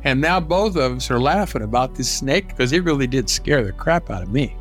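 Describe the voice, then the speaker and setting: Older male storyteller from Southern California, mid-pitched and meandering, voices the quotes in his tale. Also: lively intonation, moderate pace, faint music behind. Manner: rambling, lifts his voice to act out quoted lines. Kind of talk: personal anecdote.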